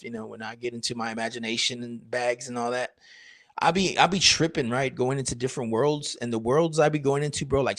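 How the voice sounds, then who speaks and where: A man rambling excitedly on a live stream, cursing and joking as a country musician. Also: mid-range voice, no room sound.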